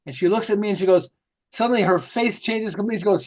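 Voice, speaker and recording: A middle-aged man, a marketing author, telling lively stories in an interview and acting out the quotes. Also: sits high, quick pace. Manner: lively, jokey, acts out quotes with laughs. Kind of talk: animated storytelling interview.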